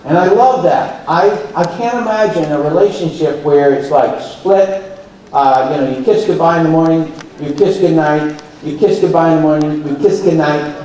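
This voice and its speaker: Man speaking in a booming, echoey hall. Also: moderate pace, slight background noise. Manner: animated storyteller who acts out quoted dialogue. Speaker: conference speaker. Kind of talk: live motivational talk. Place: large conference hall. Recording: very echoey hall, heard from far off. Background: audience laughter.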